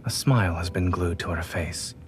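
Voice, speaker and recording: An actor playing a calm, composed male doctor in a romance game, speaking in a measured, quiet way. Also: sits low, natural voice. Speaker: doctor love interest. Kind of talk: game voice acting.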